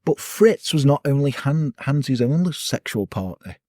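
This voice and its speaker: A man's voice: medium pitch, expressive, a little slow, a little mellow, no room sound, clean studio sound. A man casually telling a true-crime story on a podcast, sweary and jokey.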